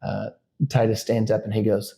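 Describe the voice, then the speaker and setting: Monotone and fairly low, with vocal fry and a dark tone at a normal speed, a middle-aged man tells a family story on the podcast he co-hosts as a father. His casual telling rambles, full of "likes," fillers and restarts.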